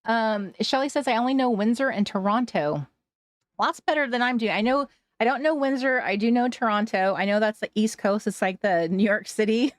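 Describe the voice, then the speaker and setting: A woman's voice: fairly high pitch, normal speed, no room sound, studio quality. A woman from Washington State hosting a casual craft livestream, chatting with viewers, laughing often and trailing off mid-sentence. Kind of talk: casual livestream chat reading viewer comments.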